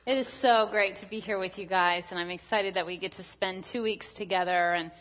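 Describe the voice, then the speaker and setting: A woman's voice: mid-range voice, steady tone, a little fast, fairly bright tone, dull audio. A woman in her thirties, a guest speaker giving a chatty, story-filled sermon with many filler words.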